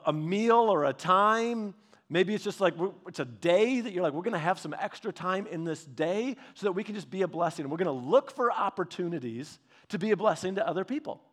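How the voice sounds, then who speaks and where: A man in his thirties preaching, telling rambling personal stories in a casual, chatty way with frequent restarts. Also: a little high. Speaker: pastor.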